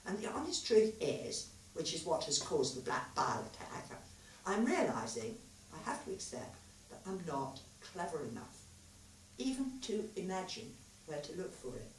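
A woman's voice: lowish voice, very animated, moderate pace, slight background noise. A woman reading a weary, earnest male physicist. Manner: earnest, quiet, confiding. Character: thoughtful, weary male physicist, gentle lover. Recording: echoey hall, mic far off.

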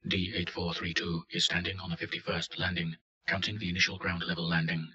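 A man giving deadpan scripted narration of a report. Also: low voice, a little fast, muffled recording.

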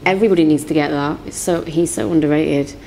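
A young woman with a London accent, a singer and songwriter chatting as an interview guest, quick-talking and giggly. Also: low-pitched, steady tone, vocal fry, darkish tone, a little hiss or hum. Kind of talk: casual interview chat.

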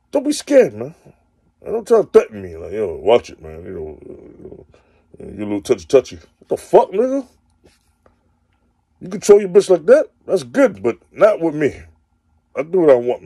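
A man hosting his own show launches into a crude, repetitive, profane comedic rant, ending lines with "man." His medium-pitched voice is warm and slightly rough, with studio-quality sound and no echo.

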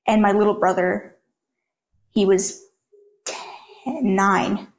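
Young woman with vocal fry, talking frankly. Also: medium pitch, slow, dull audio. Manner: frank, conversational, heavy use of "like". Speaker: interview guest. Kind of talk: candid personal storytelling.

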